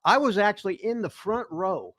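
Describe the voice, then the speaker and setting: An older man from Indiana spins loose, profanity-laced anecdotes, circling back and restarting as he goes. His voice sits a little high for a man, and it comes across dry and close with no room sound around it. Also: animated, moderate pace, a bit bright, no echo. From Indiana, USA. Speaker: show host telling stories. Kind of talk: casual storytelling chat.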